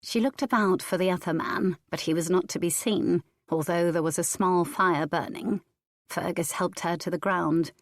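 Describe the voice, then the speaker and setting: Even and measured, a woman's scripted narration carries a historical romance audiobook. Her voice leans low, and the sound is dry and clean, as from a studio.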